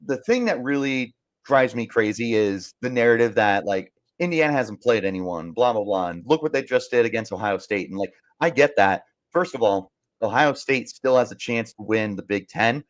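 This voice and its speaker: A man's voice: mid-range voice, moderate pace. A young man hosting a sports podcast, ranting emphatically and repeating himself in frustration as he reads live comments. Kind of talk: fired-up sports talk, reading live comments.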